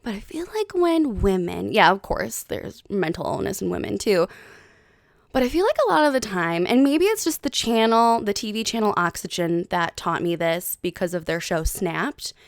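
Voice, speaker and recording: A woman in her thirties hosting a podcast, chatting casually in an animated, heated way with plenty of swearing. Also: mid-range voice, normal speed, vocal fry, no room sound, studio quality. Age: 30s. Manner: animated, profane, heated storytelling. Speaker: podcast host. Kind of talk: casual chat.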